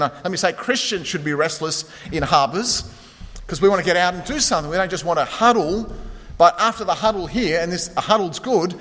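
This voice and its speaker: A man's voice: fairly high pitch, fairly bright tone, in a large hall. A man preaching a sermon, telling stories in a conversational way with frequent fillers. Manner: conversational storytelling, many fillers. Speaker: pastor.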